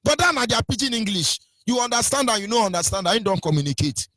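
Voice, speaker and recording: A man's voice: sits high, big pitch swings, fast talker, a bit bright, dry recording. A Nigerian man hosting a radio talk, preaching about culture and slipping into pidgin and sing-song mimicry. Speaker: radio host.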